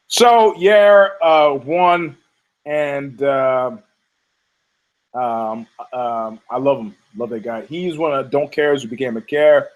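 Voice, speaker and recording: A man's voice: medium pitch, slow, highs cut off. A middle-aged man hosting a podcast, ranting in a rambling, sarcastic, profane way. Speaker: podcast host. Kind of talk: casual rant.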